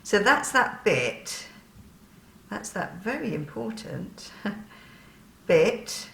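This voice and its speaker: A woman's voice: medium pitch, sing-song, drawn-out words, creaky, fairly bright tone, roomy sound, slight background noise. A woman chatting through a sewing tutorial, laughing often and poking fun at herself.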